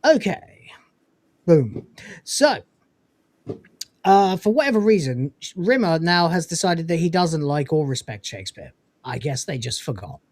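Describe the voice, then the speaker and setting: A man's voice: fairly high pitch, moderate pace, no room sound. A man hosting a casual review show, retelling scenes and acting out the characters' lines. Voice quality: animated storyteller, acting out quoted lines. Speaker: podcast host reviewing episodes. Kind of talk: casual recap chat.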